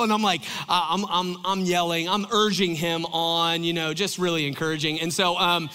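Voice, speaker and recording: A man preaching in a loose, chatty way, full of fillers and jokey asides aimed at the congregation. His voice sits a little high and sounds bright and sharp. A long reverb from the church hall trails every phrase. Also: steady tone, moderate pace, hardly any pauses, clear, resonant tone. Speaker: pastor. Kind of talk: conversational sermon.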